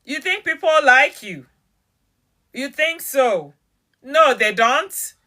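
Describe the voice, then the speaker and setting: A woman giving a motivational talk, emphatic and direct, repeating key phrases slowly and challenging the listener with questions. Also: sits high, sing-song, sharp tone. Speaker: motivational speaker.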